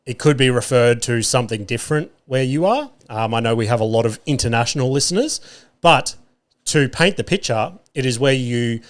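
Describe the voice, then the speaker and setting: A man's voice: medium pitch, fairly quick. An Australian man hosting a podcast, telling a comic story in a profane, exaggerated rant and talking straight to his listeners. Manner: fillers and restarts, addresses listeners directly. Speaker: podcast host.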